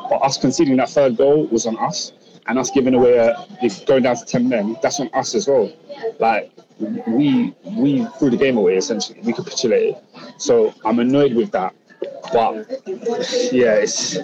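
A man's voice: medium pitch, normal speed, highs cut off, crowd noise. A man talking football in casual banter, heated and emphatic, often repeating himself as he builds his point. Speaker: football podcast panelist.

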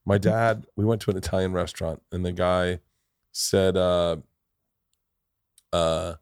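A man's voice: low-pitched, level tone, unhurried, darkish tone, clear, resonant tone, dry recording, clean studio sound. A man hosting a podcast in casual chat, telling stories in a profane way and acting out quotes in voices. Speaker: podcast host.

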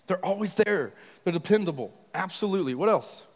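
Man, preacher, sermon, storytelling, animated, fairly high voice, long church-hall reverb. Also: fast talker. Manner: storytelling, animated, asks congregation questions. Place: church sanctuary.

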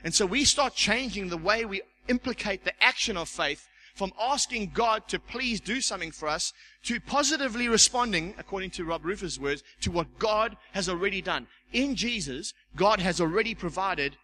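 A man's voice: high-pitched, expressive, normal speed, pushed and bright, slight background noise, poor audio. A man, a church elder, preaching a sermon and telling a personal testimony, acting out the voices in his story and repeating words as he goes. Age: young adult.

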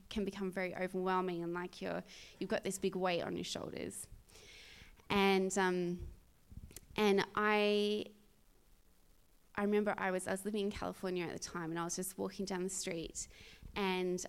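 A woman's voice: mid-range voice, steady tone, measured pace. A young woman preaching a sermon, earnest and conversational, telling a personal story with many restarts and sudden bursts of energy. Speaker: speaker at a church.

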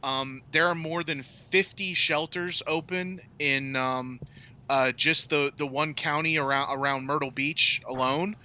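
A man's voice: fairly high pitch, fairly even intonation, unhurried, sharp tone, highs cut off. A man on a casual podcast laying out his opinion with lots of ums and some swearing. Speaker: podcast co-host. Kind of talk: casual chat.

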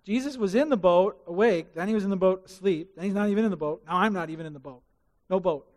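A man preaching a sermon as pastor, telling the story in an animated way and asking the congregation questions. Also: sits high, quick pace, big-room sound.

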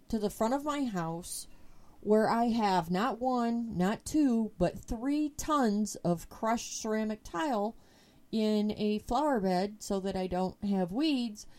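A woman hosting a podcast, telling a story in a casual, profane, animated way. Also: mid-range voice. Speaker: podcast host.

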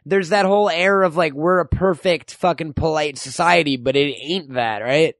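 A man hosting a casual chat, excitable and swearing heavily. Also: on the high side, normal speed, no echo, clean studio sound. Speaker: host.

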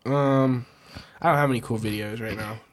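Steady in tone and medium in pitch, this young man hosts a podcast at a normal speed. He trades crude, joking banter in a casual conversation and slips into mock ASMR whispers.

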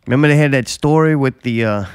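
A man's voice: medium pitch, quick pace, smooth, no room sound. Blunt, profane man talking casually. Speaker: podcast host. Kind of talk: casual chat.

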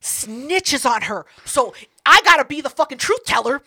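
A woman's voice: sits high, lively intonation, moderate pace, pushed and bright, dry recording. A woman hosting a podcast in casual chat, telling a party story with lots of swearing and acting out other people's lines. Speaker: podcast host.

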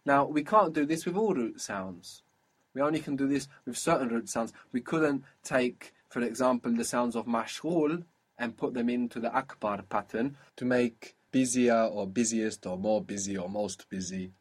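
A man teaching a one-on-one spoken language lesson, patiently explaining and modelling words slowly. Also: mid-range voice, breathy edge.

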